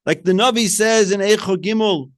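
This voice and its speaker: A rabbi giving a Torah talk, asking rhetorical questions and weaving in Hebrew terms, swinging between soft and loud emphasis. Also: male voice, high-pitched, moderate pace.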